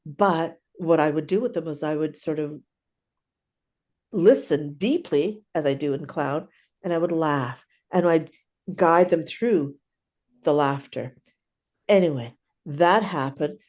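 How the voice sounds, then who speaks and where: A woman's voice: deep voice, takes it slowly, long pauses, a little mellow. An older woman, a clown teacher, chatting animatedly through stories in an interview and often tagging her sentences with "right?". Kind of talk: casual storytelling interview.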